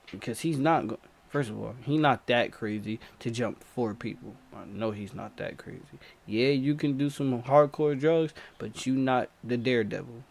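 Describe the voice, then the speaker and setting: A man telling a spooky personal story to camera, full of slang and repeated phrases. His voice sits at an ordinary male pitch, and he speeds up and circles back as he relives the chase. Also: creaky. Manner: slangy, breathless retelling with repetition. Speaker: storyteller vlogger.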